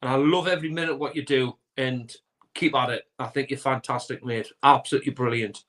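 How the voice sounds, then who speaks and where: A man speaking as a guest on a casual video call, emotional and halting, full of ums. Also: mid-range voice, fairly even intonation, fairly bright tone, poor audio. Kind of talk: casual chat.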